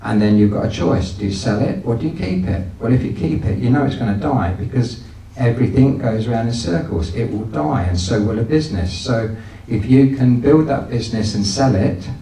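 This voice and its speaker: A man's voice: mid-range voice, lively intonation, moderate pace, hardly any pauses, dark tone. A man giving a folksy, anecdotal business talk to an audience, with frequent restarts. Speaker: guest speaker. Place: event hall. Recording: echoey hall, distant from the mic.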